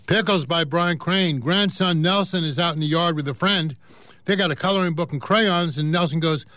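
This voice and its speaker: A man's voice: on the high side, moderate pace, sharp tone, no echo, studio quality. A man reading newspaper articles and comic strips aloud, in a casual way with offhand asides and self-corrections. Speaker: newspaper reader.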